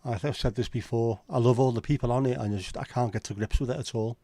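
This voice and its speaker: Mellow-voiced Liverpool man chatting. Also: medium pitch, fairly even intonation, fast, no echo. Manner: rambling, sweary, opinionated. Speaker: livestream host. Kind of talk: casual chat.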